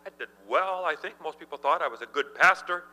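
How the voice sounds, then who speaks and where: A middle-aged male pastor preaching a sermon, telling stories in an animated way and laughing as he tells them. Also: a little high, brisk, long reverb tail, rough recording. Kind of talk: sermon with storytelling. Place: church.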